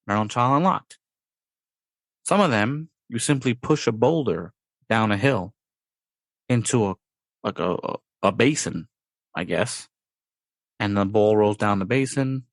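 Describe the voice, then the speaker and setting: A man's voice: fairly low pitch, animated, a little slow, pauses often, no echo. A man hosting a podcast in casual chat, rambling, with playful sound-effect words. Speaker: podcast host.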